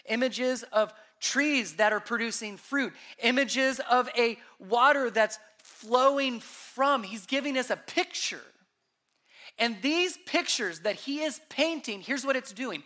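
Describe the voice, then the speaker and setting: A man preaching a sermon as pastor, emphatic, asking rhetorical questions, his voice rising and dropping sharply in loudness. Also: high-pitched.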